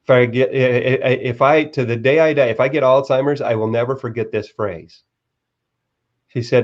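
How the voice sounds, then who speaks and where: A man of middle pitch tells a personal story as a guest on a live-stream interview. He speaks earnestly and often stumbles and restarts his phrases. The sound is dull and lo-fi, like a remote call. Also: steady tone. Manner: earnest, halting with repeated restarts. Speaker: guest author.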